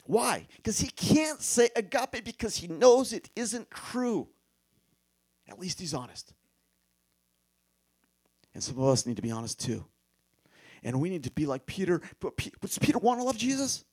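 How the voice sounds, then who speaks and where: A man delivering a sermon in a lively, fairly high voice that swings widely in pitch. He presses his points with rhetorical questions and answers them himself, sometimes sinking to a near whisper before building up again. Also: moderate pace, long pauses, husky. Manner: emphatic, with rhetorical questions and sudden drops to a hush. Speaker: preacher.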